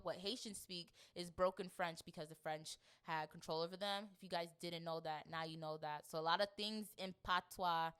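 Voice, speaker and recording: A young woman from a Jamaican family, co-hosting a podcast in casual, laughing chat and mimicking people in high voices. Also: pushed and bright, smooth. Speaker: podcast co-host.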